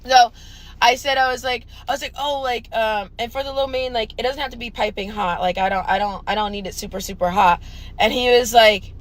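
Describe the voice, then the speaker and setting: A woman's voice: a little high, poor audio. Young woman, blunt, profane, storytelling vlog. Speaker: storytime vlogger. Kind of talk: casual storytime rant.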